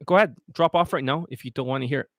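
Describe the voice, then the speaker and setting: A man's voice: medium pitch, racing, fairly bright tone, dry recording, clean studio sound. Blunt, profane male dating coach. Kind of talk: casual livestream talk and sales pitch.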